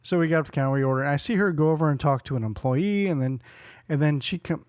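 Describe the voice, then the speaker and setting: A man in his forties tells a rambling story on a podcast and acts out every line of dialogue. His voice sits a bit high. The sound is dry and close. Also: quick pace, clear, resonant tone, no room sound. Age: 40s. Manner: animated storyteller, acts out quotes, laughs often. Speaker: podcast co-host. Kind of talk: casual chat, storytelling.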